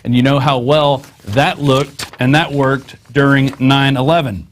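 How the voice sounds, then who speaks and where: A man's voice: medium pitch, steady tone, measured pace, slight background noise. A man hosting a news show, reading articles aloud and adding sarcastic, conversational asides.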